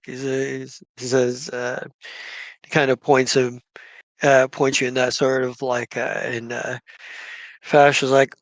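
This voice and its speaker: A man narrating as game master in a tabletop game, halting with frequent fillers. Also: medium pitch, little pitch movement, dry recording.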